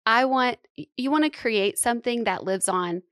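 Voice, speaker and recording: A woman hosting a podcast in casual chat, giggly and gushing, talking in quick bursts on a close mic. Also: fairly high pitch, fairly bright tone, no echo. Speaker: podcast host.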